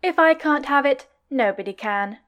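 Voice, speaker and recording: A woman's voice: sits high, animated, moderate pace, fairly bright tone. A woman voicing a sly young man who teases in a pouty, mock-sweet way, in a podfic reading. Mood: teasing. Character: teasing, sly young man, playfully cruel.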